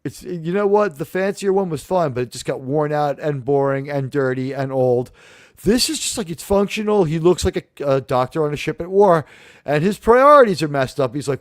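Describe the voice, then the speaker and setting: A man hosting a casual livestream review chat, animated and profane, acting out the lines he quotes. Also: a little high, moderate pace, dry recording, clean studio sound. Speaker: host.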